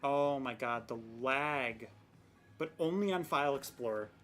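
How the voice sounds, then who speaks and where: A young woman streams a game and chats casually, rambling with self-mocking exasperation about her technical problems. Her voice is extremely low-pitched yet fairly bright, her pace unhurried, with faint music in the background.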